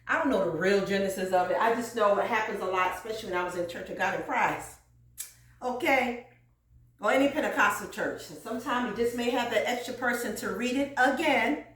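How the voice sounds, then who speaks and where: A chatty woman with a fairly high, very lively voice talks casually in her home kitchen. She laughs often and now and then slips into a preacher's cadence. The room gives her voice a noticeable echo. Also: distant mic. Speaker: cooking channel host. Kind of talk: casual chat while cleaning.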